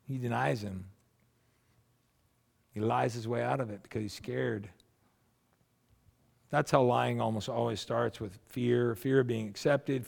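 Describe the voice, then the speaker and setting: A man preaching a sermon in a conversational, animated way, with asides and acted-out quotes. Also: medium pitch, gravelly. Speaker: pastor.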